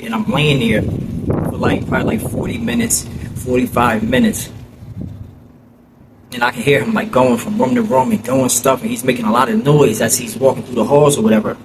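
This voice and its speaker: A man from New Jersey telling a story from his childhood in a halting, casual way, full of fillers and "you know what I'm saying.". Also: mid-range voice. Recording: loud vehicle noise behind.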